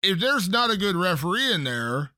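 A man with a fairly high, bright voice hosts a casual interview. He hammers home his points by repeating them, and the sound is close and dry. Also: big pitch swings, moderate pace, no room sound. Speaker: interview host.

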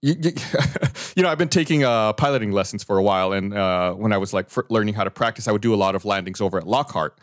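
Animated man telling a story, dry sound. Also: on the low side, quick pace, no echo. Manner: animated storyteller, gets heated retelling grievances. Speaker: podcast co-host. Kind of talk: casual chat. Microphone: studio mic, remote recording.

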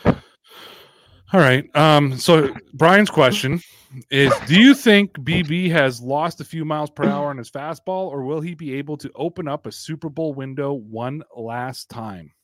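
A man's voice: fairly high pitch, moderate pace, hardly any pauses, no room sound. A man hosting a football podcast in casual, joking, rambling chat. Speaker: podcast host.

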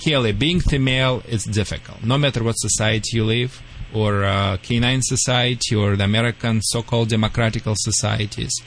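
A man's voice: lowish voice, steady tone, a little fast, a bit bright, slight background noise. A man with a Russian accent, a dog trainer co-hosting a radio talk show, playful and lecturing in broken English. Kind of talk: casual radio chat.

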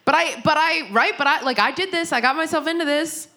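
Young woman comic doing a standup set, bright voice, rambly self-deprecating bits, lots of restarts. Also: high voice, a little fast. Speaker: stand-up comedian.

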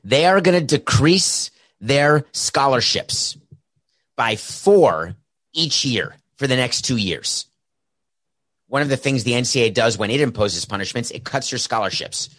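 Speaking a little slowly but animatedly, a man with a medium-pitched, fairly bright voice hosts a solo sports podcast full of sarcastic rambling and jokey asides. He talks through a headset mic with an earpiece from a home studio set with a camera and soundboard, with no echo.

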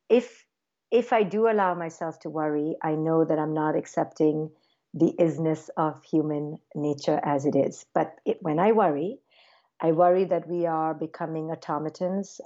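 A woman guest speaks in a relaxed, conversational way, and her voice sounds warm and mellow. She jumps up into lively little quoted voices as she talks. The recording is slightly muffled and lo-fi. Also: sits low. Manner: animated, acts out parent and child voices in quotes. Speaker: clinical psychologist guest. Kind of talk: conversational interview.

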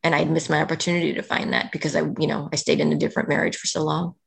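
Low, gravelly-voiced woman telling a story. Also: flat delivery, rapid-fire. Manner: emotional, earnest, heavy on "like" fillers. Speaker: podcast guest. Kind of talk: personal storytelling in conversation.

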